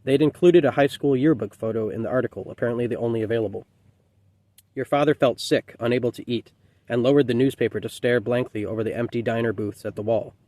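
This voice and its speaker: A man who is an author reading his own novel aloud, measured and reflective, with occasional slips. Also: mid-range voice, dark tone, no room sound.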